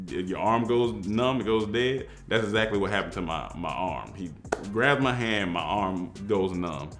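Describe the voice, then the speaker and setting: A man telling a personal story in a casual, animated way, acting out the people in it. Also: on the low side. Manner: animated, excitable storytelling with voiced quotes.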